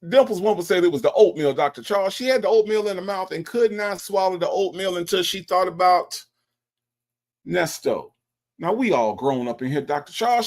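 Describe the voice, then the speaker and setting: A man hosting a live stream, chatting casually and teasing his chat with an animated delivery. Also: sits high, a little fast. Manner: animated, teasing, mocks chat with exaggerated voices. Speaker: livestream host.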